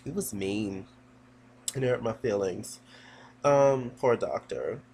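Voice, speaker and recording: A man's voice: fairly low pitch, animated, takes it slowly, a little mellow, slight background noise. A man giving a casual, gossipy recap of a TV episode, sassy and full of fillers.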